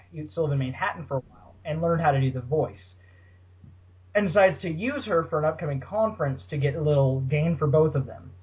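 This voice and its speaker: Male podcast host, casual and rambling, husky, slightly high voice, lo-fi sound. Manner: rambling, laughs often. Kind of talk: casual chat. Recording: dull lo-fi podcast audio.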